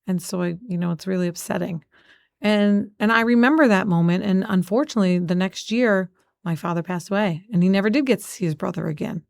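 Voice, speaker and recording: Woman co-host, forties, chatty storyteller, mid pitch, dry close mic. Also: a little fast, vocal fry, darkish tone, no room sound. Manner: chatty, storytelling, many "like" fillers. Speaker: podcast co-host. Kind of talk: casual chat.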